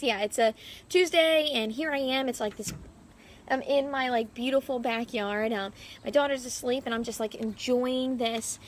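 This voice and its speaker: A woman's voice: high voice, a little hiss or hum. A young woman, a fitness coach, talking casually to her followers from her backyard. She rambles and fills her sentences with "like". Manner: rambling, heavy use of "like" fillers. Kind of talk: casual vlog monologue. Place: backyard, outdoors.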